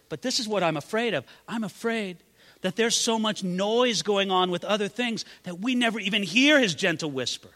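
A male pastor preaching a dramatic sermon, swinging from loud exclamations down to hushed, near-whispered lines. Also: high-pitched, normal speed, in a large hall. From California.

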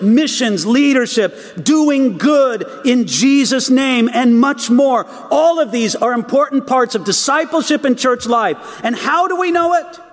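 A man's voice: very high voice, in a large hall. A man preaching a sermon, emphatic, asking rhetorical questions and repeating words as he builds his points.

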